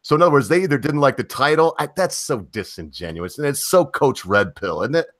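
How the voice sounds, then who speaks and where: A man's voice: medium pitch, fairly quick. A man in a casual online chat, telling stories animatedly and acting out what others said. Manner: animated storyteller, acts out quotes. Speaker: panel guest.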